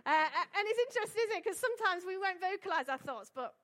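A woman's voice: very high-pitched, lively intonation, quick pace, sharp tone. A young woman giving a casual, chatty sermon and telling stories, with lots of tag questions and fillers. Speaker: preacher.

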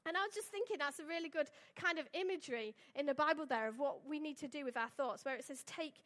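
A woman's voice: high-pitched, quick pace, a bit bright. A young woman giving a casual, chatty sermon and telling stories, with lots of tag questions and fillers. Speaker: preacher.

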